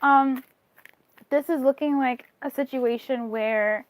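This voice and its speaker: A tarot reader with a high voice gives a casual reading to camera, speaking slowly in a steady tone. She's candid and chatty, swearing freely and giggling between thoughts.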